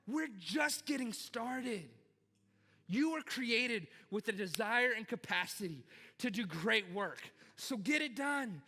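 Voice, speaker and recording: A man's voice: extremely high pitch, pushed and bright, long reverb tail. A man preaching a sermon as pastor, emphatic and repetitive, urging his congregation directly. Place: church auditorium.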